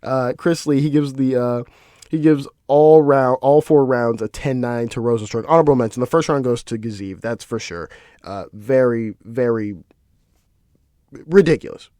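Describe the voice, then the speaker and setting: Guy ranting on his podcast, swearing, mid pitch voice, dry close mic. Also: normal speed, no echo. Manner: animated, profane ranting. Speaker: podcast host. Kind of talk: casual solo commentary.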